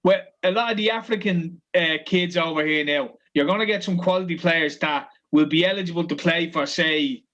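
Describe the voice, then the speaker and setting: A man's voice: on the high side, normal speed, hardly any pauses, fairly bright tone, lo-fi sound. An Irish man co-hosting a casual football chat, swearing freely and talking animatedly. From Ireland. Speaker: co-host.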